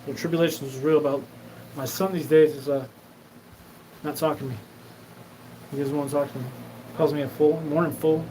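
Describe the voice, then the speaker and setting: A man hosts his own show alone, his voice pitched a little above the usual male range. He rambles from one story to the next, swearing often and acting out both sides of remembered conversations. A steady, clear noise runs behind him. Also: brisk, long pauses, poor audio. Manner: profane, rambling, acts out quoted exchanges. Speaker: host. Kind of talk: rambling solo monologue.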